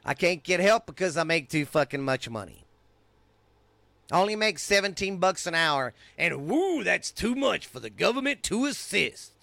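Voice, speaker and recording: A man's voice: high-pitched, sing-song, normal speed, vocal fry, pushed and bright, no room sound. Angry profane Texan man ranting. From United States. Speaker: podcast host. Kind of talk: ranting monologue.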